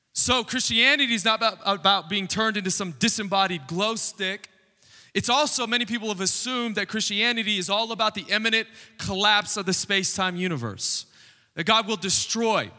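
A man preaches a sermon in a church, his fairly high voice bright and forceful. He talks to the congregation conversationally and tosses in joking asides. A long reverb from the hall trails behind his words. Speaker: pastor. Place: church sanctuary.

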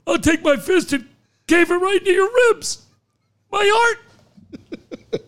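A man's voice: very high voice, slow, fairly bright tone, voice pushed up, heavily acted. A man voicing a touchy, boastful older male caller who squawks back at the host. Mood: indignant. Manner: squawking, indignant.

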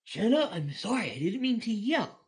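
A man voicing Balto, a gruff, romantic male wolf dog, with a low, mock-sultry delivery. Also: big pitch swings, normal speed.

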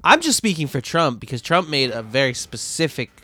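A man playing the skeptical straight man on a comedy podcast, exasperated and pushing back on his co-hosts. His voice is mid-pitched and sounds dry and up close. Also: sing-song, a little fast, sharp tone, no room sound. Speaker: podcast co-host.

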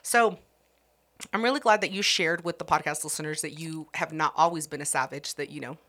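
Brash bright-voiced woman podcaster. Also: deep voice, brisk. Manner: blunt, brash, profane and teasing. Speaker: podcast co-host. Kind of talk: casual podcast chat.

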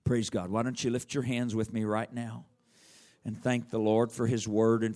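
A man's voice: mid-range voice, little pitch movement, moderate pace, a little mellow. A middle-aged man preaching a sermon in an earnest, conversational way.

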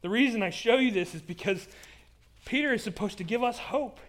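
High-voiced man preaching dramatically. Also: fairly quick. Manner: earnest, dramatic storytelling. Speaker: pastor. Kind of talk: sermon. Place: stage with pulpit.

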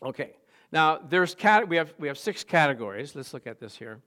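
A man preaching a sermon as pastor, telling stories with laughs and bursts of loud exclamation. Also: on the high side, moderate pace. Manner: animated storytelling with laughs, rising to loud exclamations.

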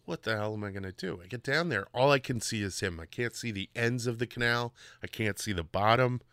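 A man hosting a podcast, telling a personal story in a casual, animated way with emphatic repetition. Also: medium pitch, a little fast, smooth, no room sound, clean studio sound. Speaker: podcast host.

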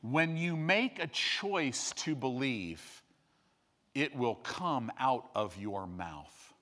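A middle-aged male pastor preaches an animated sermon at an extremely slow pace. He falls to hushed, low asides and swells to loud peaks.

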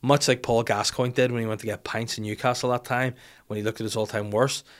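A man's voice: mid-range voice, steady tone, brisk. A man, telling a rambling, jokey, self-mocking story in casual chat. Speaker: podcast host telling an anecdote.

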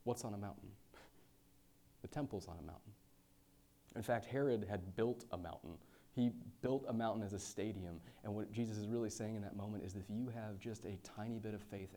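A man preaching a sermon, reading scripture aloud and then explaining it in a lively, conversational way with quick asides. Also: on the low side. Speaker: pastor.

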